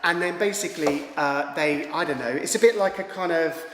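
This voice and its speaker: An English parent chatting casually about a film, rambling and correcting herself. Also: female voice, deep voice, a little fast. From England. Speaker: parent co-reviewer. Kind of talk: casual film review chat. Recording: echoey room, long reverb, background noise.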